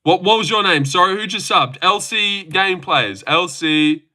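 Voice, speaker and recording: A man streams live, chatting with his viewers in a crude, joking, boastful way. His voice sits somewhat high and rings sharp and bright. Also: animated, moderate pace. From Australia. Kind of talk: live-stream reaction chat, reading chat aloud.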